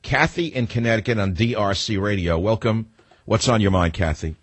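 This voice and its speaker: A man's voice: lowish voice, moderate pace, husky, dry recording. A man in his sixties hosting a radio talk show, rambling through combative, digressive stories and opinions.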